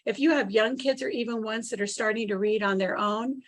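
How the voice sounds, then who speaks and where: A woman's voice: on the high side, fairly quick, dry recording. Upbeat woman host, dry close sound. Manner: upbeat, encouraging. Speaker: webinar host. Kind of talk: moderating live Q&A.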